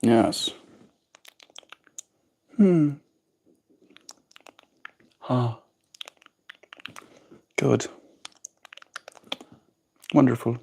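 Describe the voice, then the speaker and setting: A man livestreaming at home. He chats casually with his viewers and talks baby talk to his pet birds in a high, cooing voice. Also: drawn-out words, gravelly, pauses often, a little mellow, breathy edge.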